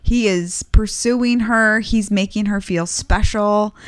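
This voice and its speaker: A woman's voice: mid-range voice, slow, clean tone, no echo. Direct Midwestern woman on a dry mic. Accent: Midwestern American. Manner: lively, direct, gives practical advice. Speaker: podcast co-host. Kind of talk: casual Christian marriage podcast chat.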